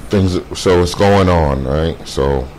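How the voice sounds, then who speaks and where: A man with a very deep voice tells a personal story slowly, often stopping to restart his words. His talk is casual and unscripted, full of fillers. A faint hiss sits under the recording. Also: a little mellow. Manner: halting, many fillers and repeated words; quotes others in a brisk voice.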